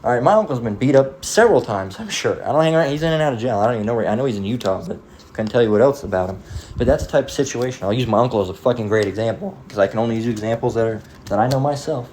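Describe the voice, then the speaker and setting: A man's voice: mid-range voice, lively intonation, very fast, darkish tone, a little hiss or hum. A man giving a casual, profane sermon-style monologue, rambling through stories and acting out the voices of people in them. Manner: acts out voices in quoted dialogue. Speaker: preacher.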